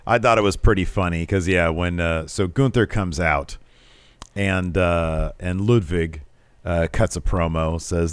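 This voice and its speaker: A man with a low voice co-hosts a casual wrestling podcast, walking through matches play by play. He keeps slipping into animated impressions of the wrestlers he quotes. The sound is dry and close, with no room around it. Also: moderate pace, smooth, no room sound. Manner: animated, mimics quoted wrestlers with pitch jumps. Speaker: podcast co-host.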